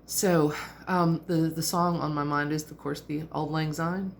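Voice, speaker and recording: Low gravelly lady in her 50s, chatty reflective vlog talk, bit of hiss behind. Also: steady tone, a little slow. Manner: chatty and reflective, with frequent fillers and laughs. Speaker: vlogger. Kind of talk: casual reflective monologue.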